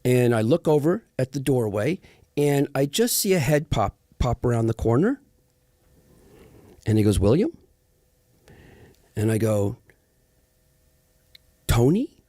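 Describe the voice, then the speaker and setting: This middle-aged actor, a guest on a casual interview, tells stories with animation and acts out those he quotes. He has a mid-range voice, a measured pace, and long pauses, recorded in clean studio sound with no room sound.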